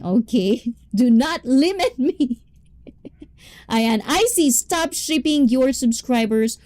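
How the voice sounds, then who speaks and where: A young woman chats with her viewers on a livestream, reading their comments aloud and laughing often. Her voice is mellow and her pace is slow and easy. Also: medium pitch. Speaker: livestream host reading chat. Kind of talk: casual livestream chat.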